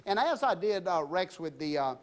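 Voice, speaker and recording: A man's voice: sits high, sing-song, moderate pace. A middle-aged man with a Louisiana accent hosting a cooking demonstration in a home kitchen, talking in a chatty, folksy way and calling his viewers "y'all". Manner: folksy and exuberant, often says "y'all" and "I tell you". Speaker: TV cooking show host.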